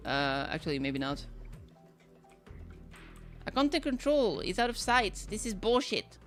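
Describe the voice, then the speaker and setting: Woman, casual gameplay commentary, excitable, lively pitch, soft background music. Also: unhurried, long pauses. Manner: excitable, reacting aloud while playing. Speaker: streamer.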